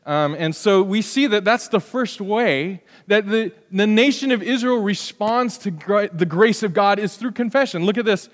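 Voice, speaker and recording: In a church sanctuary, a pastor in his forties preaches with a voice that sits fairly high for a man, echoing with long hall reverb. He moves at a moderate pace with hardly any pauses. His style is conversational and animated, and he keeps slipping into little acted-out scenes.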